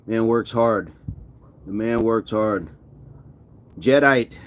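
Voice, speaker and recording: A man with a lowish voice and slow pace hosts a casual fitness livestream, chatting in a relaxed live-stream style. Between push-ups he reads viewer comments aloud and laughs often.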